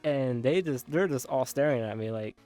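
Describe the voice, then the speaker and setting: A man's voice: mid-range voice, moderate pace, warm tone, clean tone, soft background music. A young man casually retelling a dream, rambling with many filler words and frequent laughs. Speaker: content creator.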